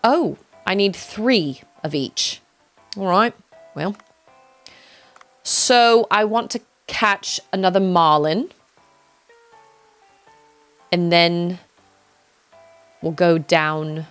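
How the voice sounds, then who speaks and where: A woman's voice: lowish voice, takes it slowly, pauses often, faint music behind. A young woman streaming a game, chatting casually, reading chat aloud and yelping during fights. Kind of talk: casual gameplay commentary.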